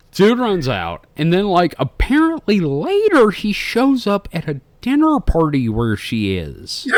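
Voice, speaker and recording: A man's voice: extremely high pitch, dry recording. A man in his forties co-hosting a podcast, telling stories casually with lots of swearing and laughter. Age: 40s. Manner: profane, laughing, animated storytelling. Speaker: podcast co-host. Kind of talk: casual comedic chat.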